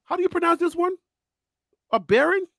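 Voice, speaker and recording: High-voiced Liberian man hosting. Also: brisk, gravelly, dry recording, clean studio sound. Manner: excitable, repeats words, laughs often. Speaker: host. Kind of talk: live sports debate chat.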